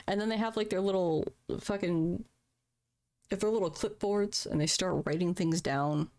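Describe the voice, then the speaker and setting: A woman's voice: fairly low pitch, normal speed, darkish tone. A woman live-streaming in casual chat, candid and profane, laughing at her own troubles.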